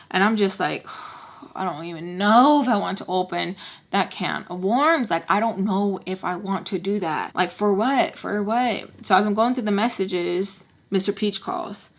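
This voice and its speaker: A woman in her twenties tells a casual storytime in a slangy, animated way, acting out the voices of everyone she quotes. Her voice sits in an ordinary middle pitch. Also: a little slow. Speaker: vlogger.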